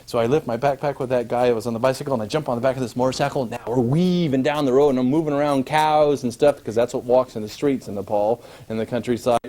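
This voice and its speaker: Animated man telling a travel tale. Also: mid-range voice, quick pace, few pauses. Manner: animated, acts out scenes, laughs at his own story. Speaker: storyteller. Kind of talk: live personal travel storytelling.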